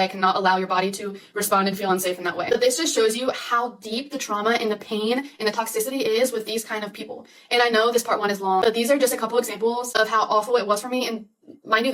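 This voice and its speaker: A young woman in her twenties telling a personal story in a rapid, anxious style, full of "like"s. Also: medium pitch, a bit bright, distant mic, poor audio. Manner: fast, anxious retelling with many "like"s.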